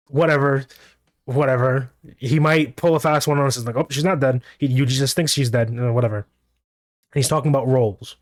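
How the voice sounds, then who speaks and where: Excitable man rambling through a manga recap. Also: mid-range voice, no room sound, clean studio sound. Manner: rambling, excitable, reads out dialogue in his own voice. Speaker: manga commentator.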